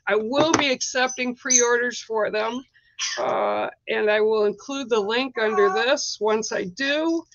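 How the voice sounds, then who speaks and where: A woman artist unboxing her new card deck in a vlog, gushing with excitement, repeating herself and letting out squeals and whoops. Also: on the high side, measured pace, highs cut off, background noise.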